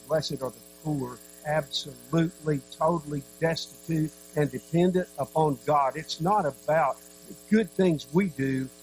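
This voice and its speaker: A man preaching a sermon, earnest, with dramatic pauses and sudden drops to a soft voice. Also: mid-range voice, background noise.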